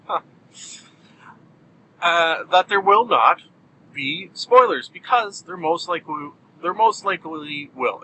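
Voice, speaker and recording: A man's voice: fairly high pitch, bright, forceful tone, slight background noise, rough recording. A man hosting a solo podcast in a jokey, self-mocking way with bursts of mock outrage. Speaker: podcast host.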